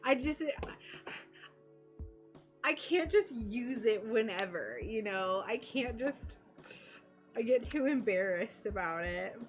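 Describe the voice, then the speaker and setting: A young woman from North Carolina chats with her stream while she works, rambling and giggling in a high, unhurried voice. She drifts between thoughts and sounds a little self-conscious. Soft music plays faintly underneath. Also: lively intonation. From North Carolina, USA. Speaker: stained glass livestreamer. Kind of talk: casual chat while working.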